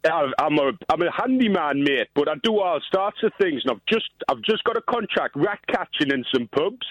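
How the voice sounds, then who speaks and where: A man's voice: a little high, lively intonation, normal speed, no echo, poor audio. A man phoning in to a radio show, chatty and calling the host mate. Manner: chatty, says mate and aye a lot. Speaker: caller. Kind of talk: phone-in chat.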